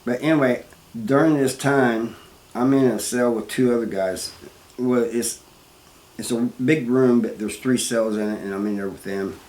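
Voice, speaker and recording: A man telling his own story in a plain, halting way, full of restarts and "you know.". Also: mid-range voice, darkish tone. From Missouri, US. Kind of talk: first-person storytelling. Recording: roomy, with faint background noise.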